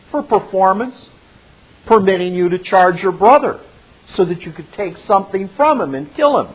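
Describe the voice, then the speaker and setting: A man slowly retelling a film scene and adding his own commentary. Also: sits high. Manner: slow, deliberate. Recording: dull lo-fi recording.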